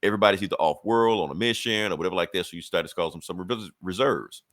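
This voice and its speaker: A man recaps a comic episode on a podcast, rambling and swearing freely as he goes. His voice sits low, and the sound is dry and close with no room echo. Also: fast talker, fairly bright tone. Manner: loose, profane, rambling storytelling. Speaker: podcast co-host.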